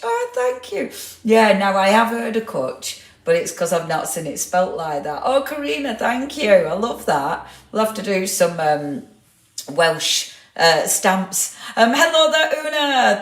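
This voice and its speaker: A woman hosting a casual live craft stream, greeting viewers by name and laughing often. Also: medium pitch. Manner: chatty, reads out viewer comments, laughs often. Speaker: craft livestream host. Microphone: clip-on microphone. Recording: roomy echo.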